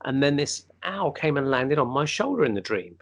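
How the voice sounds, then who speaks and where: Gravelly man telling a personal story. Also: medium pitch, normal speed. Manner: animated storyteller, acts out quoted speech. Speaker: podcast co-host. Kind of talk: casual storytelling on a podcast.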